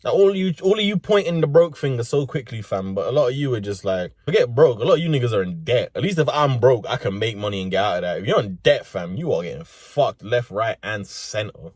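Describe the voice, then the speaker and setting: A man's voice: mid-range voice, lively intonation, a little fast, few pauses, darkish tone, no echo. A young man with a London accent, ranting comedically and profanely in street slang from inside a car. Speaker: vlogger. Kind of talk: comedic rant.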